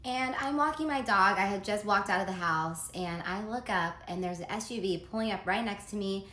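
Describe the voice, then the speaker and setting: A woman's voice: mid-range voice, normal speed, fairly bright tone, reverberant. Chatty woman telling a dramatic story. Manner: chatty, dramatic retelling with quoted texts. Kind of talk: casual storytime vlog.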